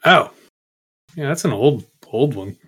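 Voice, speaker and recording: A man's voice: mid-range voice, animated, measured pace, pushed and bright, husky, no echo, rough recording. A man in casual chat as a podcast co-host, joking around and laughing easily.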